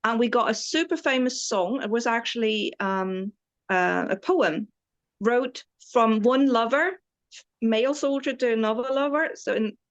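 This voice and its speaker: A woman's voice: fairly high pitch, a little slow, lo-fi sound. A German-born woman in her forties, with an English accent tinged by the British Isles, telling stories as a tour guide in an enthusiastic, rambling way with many restarts. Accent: British Isles-influenced English. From East Germany. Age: 40s. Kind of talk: casual interview storytelling.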